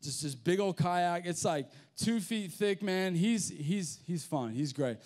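A young man with an Australian accent preaching to a youth group in a casual, animated storytelling manner with slang. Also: sits high, unhurried. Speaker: youth pastor. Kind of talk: sermon with storytelling.

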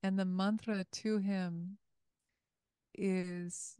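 A woman's voice: medium pitch, flat delivery, slow pace, mellow, clean tone, dry recording, clean studio sound. A woman teaching a meditation class over a video call, patiently explaining things step by step.

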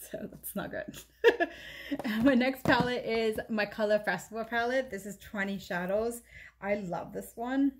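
Speaking slightly slowly in a somewhat high voice, a woman vlogger shows her makeup in a loose, chatty way. She wanders from point to point and frequently fixes what she's saying partway through.

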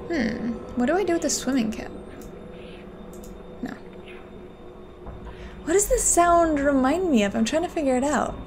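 A woman's voice: high-pitched, animated, a little slow, pauses often, noisy background. A woman playing a game and reading its text aloud in casual, playful commentary with giggly asides. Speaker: let's player.

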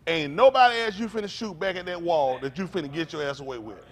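Fast-paced and fiery, an older pastor's profane rant shifts from booming outbursts down to low, tired mutterings.

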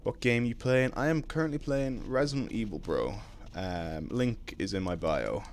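A young Irish man streaming a video game, chatting casually with his viewers between drawn-out ums. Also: fairly low pitch, a little mellow, a little hiss or hum. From Ireland. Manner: laid-back, drawn-out ums, greets chat. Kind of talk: casual live-stream chat while gaming.

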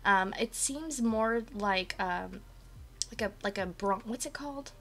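A woman's voice: mid-range voice, measured pace. Bubbly woman streamer with a dry morning voice. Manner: bubbly, chatty, greets viewers by name. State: dry voice with a slight cough, just woke up. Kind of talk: casual chat with live viewers. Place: home apartment. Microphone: desk mic.

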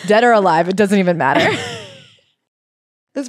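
A woman's voice: medium pitch, sing-song, moderate pace, pauses often, no echo. Woman podcast co-host, sarcastic recapper, dry studio sound. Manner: sarcastic, reads passages aloud dryly. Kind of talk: casual comedic book recap.

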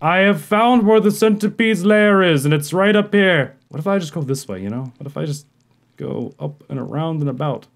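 A man hosting a horror game playthrough, talking to himself in jumpy, profane commentary that swings from muttering to yelling. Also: on the high side, very noisy. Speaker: gaming video host.

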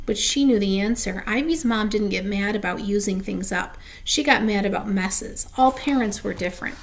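A woman reading a children's chapter book aloud, gently, with small asides and slips. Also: medium pitch, moderate pace, creaky, few pauses. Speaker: storybook reader.

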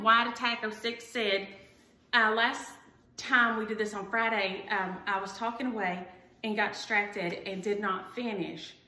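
Chatty woman, bright echoey voice. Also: medium pitch. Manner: rambling, chatty, self-deprecating. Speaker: cross-stitch vlogger. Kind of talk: casual chat to viewers. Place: at home. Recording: echoey room.

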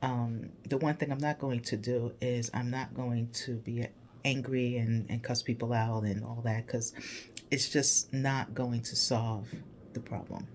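An earnest man speaks directly to his followers in a heartfelt vlog, emotional and emphatic as he makes his points. He is an English teacher from the United States with a voice of ordinary middle pitch. A faint hum of noise sits behind him. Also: flat delivery, unhurried. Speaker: English teacher and channel host. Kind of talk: heartfelt direct-to-camera message to viewers.

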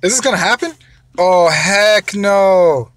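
A father giving gameplay commentary, excitable, wailing and shouting whenever a battle goes badly. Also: high voice, slow, no echo. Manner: excitable, wails and shouts over losses. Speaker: father, mobile gamer.

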